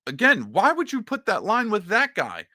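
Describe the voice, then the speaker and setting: A man's voice: sits high, wildly swooping pitch, moderate pace, sharp tone, no room sound, clean studio sound. A man hosting a casual reaction commentary, talking in a sarcastic, mocking and rambling way. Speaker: political commentary host.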